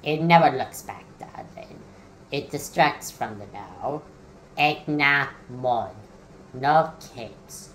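A man's voice: mid-range voice, takes it slowly, a bit bright, a little hiss or hum, pitched below the performer's own voice. A man doing a curt, bossy fashion designer lady. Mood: imperious. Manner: curt, commanding. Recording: roomy echo.

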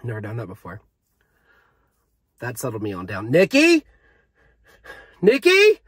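A man's voice: on the low side, fairly even intonation, moderate pace, slightly rough, no room sound. A young man reviewing a vape in a casual, hyped, joking vlog, talking straight to his viewers.

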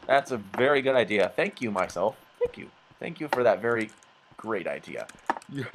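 A man's voice: fairly low pitch, expressive, normal speed, fairly bright tone. Young guy rambling goofy over gameplay, laughs at his own jokes, voice jumps all over. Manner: rambling, goofy, self-mocking, lots of laughs. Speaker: gaming channel host. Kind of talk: let's play commentary.

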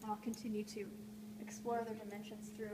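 Drawing on a live stream from a gallery, a woman runs a call-in art show, her playful, wandering talk often trailing off amid the room's noise. Her medium-pitched voice barely moves in pitch, and she talks quickly.

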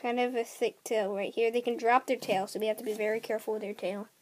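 A woman's voice: a little high, steady tone, fast, a little hiss or hum. A woman talking casually in a home vlog, recorded on a tablet, chatty and offhand. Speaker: vlogger showing her pet gecko.

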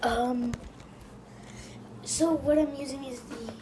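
A woman from Canada vlogging casually, talking in an excitable, rambling way into a phone on a selfie stick. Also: high voice, slow pace, noisy background. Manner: rambling, excitable, lots of "like" and "yeah". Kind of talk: casual vlog.

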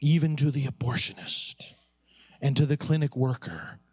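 A priest preaching at a conference, emphatic and preacherly, asking rhetorical questions and repeating key phrases. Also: male voice, mid-range voice, expressive, moderate pace, a little mellow, slightly rough, dry recording, clean studio sound. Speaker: priest addressing a pro-life conference.

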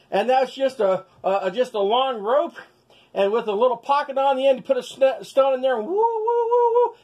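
Animated man telling a story with toys. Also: extremely high pitch. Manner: folksy, with sound effects and restarts. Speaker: storyteller teaching children's values.

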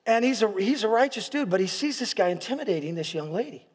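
A pastor preaching a sermon in a large church hall, telling stories with restarts and repeated words and building to impassioned peaks. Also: male voice, high voice, lively intonation, quick pace, breathy edge. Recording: long hall reverb.

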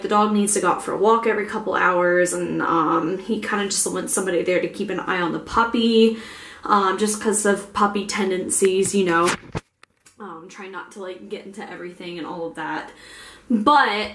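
A woman's voice: mid-range voice, a bit bright. Chatty young woman in an echoey room. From Ohio. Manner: chatty and rambling, with many fillers. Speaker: vlogger. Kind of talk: casual chat. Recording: echoey room with faint ambience.

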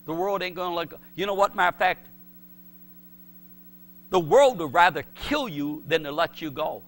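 A man's voice: on the high side, normal speed, a bit bright. A male pastor preaching a sermon, emphatic and repetitive, acting out the voices he quotes.

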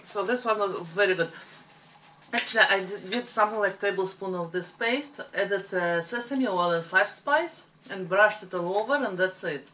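Bright-voiced woman chatting at a home table about food, faint clatter of dishes. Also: mid-range voice, normal speed, slight background noise. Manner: chatty, explains cooking tips between bites. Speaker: mukbang co-host. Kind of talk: casual eating-show chat.

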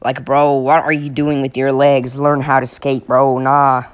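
A man's voice: mid-range voice, monotone, a little slow, clear, resonant tone. Exasperated young man mocking skaters. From Finland. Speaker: comedy video creator. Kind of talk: comic voice-over commentary.

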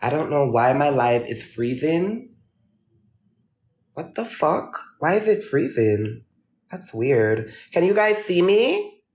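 A nervous, theatrical man chatting on a phone live stream, his voice sitting a little high. The sound is echoey and dull, picked up by a phone leaning against a mirror. He swings between jittery fear and gushing thanks to his viewers. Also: big pitch swings, slow, darkish tone. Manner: dramatic, jittery, gushes at viewers. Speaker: livestream host. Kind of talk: casual live-stream chat. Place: dim room at home at night. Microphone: phone propped against a mirror.

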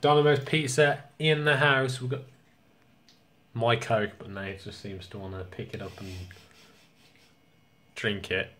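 A man's voice: medium pitch, level tone, measured pace, long pauses, fairly bright tone. A young man vlogging casually, rambling, joking and swearing a lot. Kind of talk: casual vlog rant.

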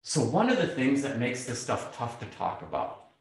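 This middle-aged man talks at an ordinary speed with a mid-range voice in a lecture hall full of echo. Giving a public talk, he tells stories and animatedly acts out what was said.

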